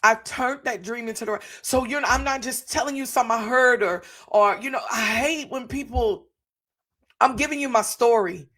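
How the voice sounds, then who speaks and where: A woman's voice: on the high side, normal speed, a bit bright. Fervent woman giving a preacher-like testimony. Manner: fervent, preacher-like, repeats phrases. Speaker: podcast host. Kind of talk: motivational testimony to live viewers.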